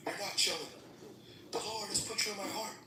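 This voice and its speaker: An earnest preacher friend pleads in a strained, high voice, put on by a man telling his story. He urges without letup, leaning hard on every word. The voice echoes a little, heard from away from the mic. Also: a little fast, distant mic, background noise, lightly acted. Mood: pleading. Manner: fervent, urging.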